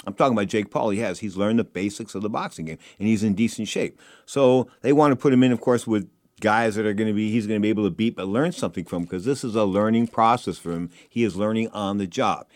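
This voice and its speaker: A male show host and private investigator talking casually, excitable and rambling, often repeating himself. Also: on the low side, fast, no room sound.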